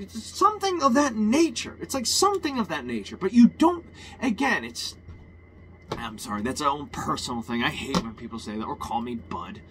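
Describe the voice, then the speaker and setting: A man's voice: high-pitched, very animated, normal speed, fairly bright tone, a little hiss or hum. A man ranting in a heated, rambling personal monologue, swearing often and restarting his sentences.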